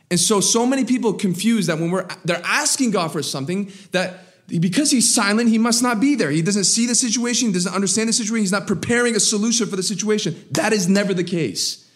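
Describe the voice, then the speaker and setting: A man preaching a sermon with a somewhat high voice. He climbs into raised, emphatic lines, then drops to low, quiet asides. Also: brisk. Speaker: pastor.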